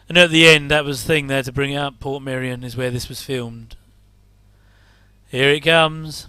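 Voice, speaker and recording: A middle-aged man chats his way through an old episode, full of wry asides and quick chuckles. His voice sits a little high, bright and crisp. It is recorded dry and close. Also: dry recording. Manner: chatty, rambling asides, wry jokes and chuckles. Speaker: commentator reacting to an old TV episode. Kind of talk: casual watch-along commentary.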